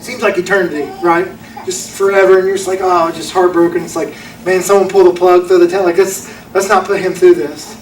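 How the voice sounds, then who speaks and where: A man's voice: sits high, steady tone, a little fast, a little hiss or hum. A young man preaching a sermon, telling a story in an earnest, folksy way. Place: church auditorium. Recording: echoey room from a distance.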